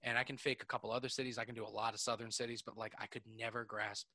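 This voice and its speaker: A man with a New Jersey accent hosting a casual chat, telling stories quickly and swearing freely. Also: medium pitch. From northeastern United States. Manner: fast, animated storyteller, swears freely. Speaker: podcast host.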